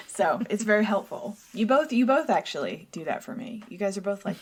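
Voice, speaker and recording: A young woman chats casually as a podcast co-host. She rambles, mocks herself and laughs often, in a voice of middling pitch. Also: sing-song, moderate pace, husky. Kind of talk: casual chat.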